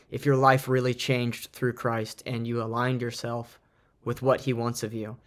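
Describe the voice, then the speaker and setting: A man giving an earnest, reflective Bible teaching, reading and explaining from his notes. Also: medium pitch. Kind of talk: informal Bible study talk.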